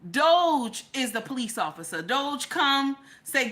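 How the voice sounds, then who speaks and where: A woman with a high, bright, cutting voice delivers a loose, heated livestream rant. She fires off repeated rhetorical questions, swears freely and breaks off to greet viewers in the chat. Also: takes it slowly. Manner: animated, profane, rhetorical, repeats questions for emphasis; addresses chat viewers directly. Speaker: livestream commentator. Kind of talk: casual ranting livestream commentary.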